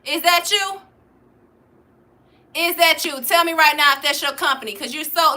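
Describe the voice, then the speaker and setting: Lady in her 40s on a livestream, high piercing voice, cussing out trolls in the chat. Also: normal speed, pauses often. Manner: loud, profane and mocking, calling out trolls. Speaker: livestream host. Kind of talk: livestream chat reading comments.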